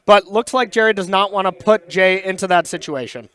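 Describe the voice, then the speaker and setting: A man's voice: sits high, brisk, a bit bright, clear, resonant tone. A man commentating a card game match, explaining plays in an analytical way and laughing easily.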